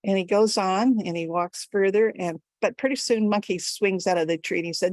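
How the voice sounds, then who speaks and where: Expressive woman telling a folktale. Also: medium pitch, moderate pace, no echo. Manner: animated, expressive storytelling. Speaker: storyteller. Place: storytelling event.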